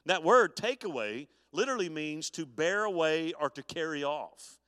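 A man's voice: on the high side, lively intonation, normal speed, sharp tone, no room sound, studio quality, long reverb tail. A man preaching a live sermon as pastor, folksy, with stammered restarts and chuckles. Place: church sanctuary.

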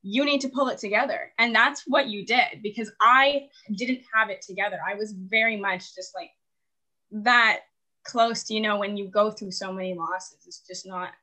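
A woman's voice: mid-range voice, normal speed, sharp tone, poor audio. A young woman in her twenties telling her story as a caller in casual, rambling talk, full of "like" fillers and frequent laughs. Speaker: caller seeking relationship advice. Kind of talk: casual confessional chat.

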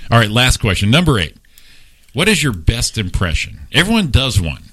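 Lively, bright-voiced podcast host man. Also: mid-range voice, moderate pace. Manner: playful quizmaster, laughs often. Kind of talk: casual podcast interview.

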